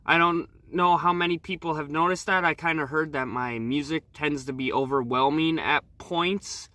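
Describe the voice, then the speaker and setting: A man talking casually as a travel vlogger, relaxed and rambling with fillers, on a new microphone. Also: fairly high pitch, normal speed, no echo. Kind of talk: casual vlog review.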